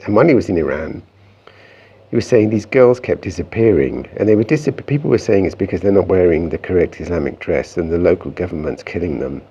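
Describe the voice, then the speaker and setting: Deep husky man telling a story. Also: expressive, fairly quick, mellow, muffled recording. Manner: meandering, conversational, frequent restarts. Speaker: vlogger. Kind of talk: reflective personal storytelling.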